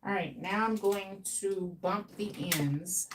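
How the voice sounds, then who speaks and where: Styling hair on a live stream, a woman chats playfully with her viewers while she works. Her mid-range voice moves slowly and sounds far from the mic. Faint background noise sits under the off-mic recording.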